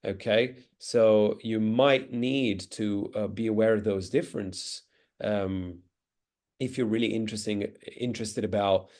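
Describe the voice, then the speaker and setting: A man's voice: lowish voice, fairly even intonation, unhurried, darkish tone. Italian man with a British-leaning accent. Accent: British-leaning English with traces of American and Australian. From Italy. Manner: articulate, academic, with frequent fillers. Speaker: interview guest, pronunciation teacher. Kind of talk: thoughtful interview answer.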